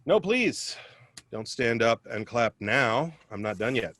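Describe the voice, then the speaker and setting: A man's voice: mid-range voice, big pitch swings, slow, a bit bright, no echo. A man doing a self-deprecating stand-up comedy set over a video call, chatting with viewers between jokes.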